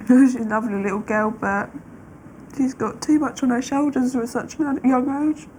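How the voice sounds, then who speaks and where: A young woman, a mother in a therapy session, speaking softly and hesitantly, emotional and close to tears. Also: fairly high pitch, a little hiss or hum. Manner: soft, hesitant, tearful and emotional.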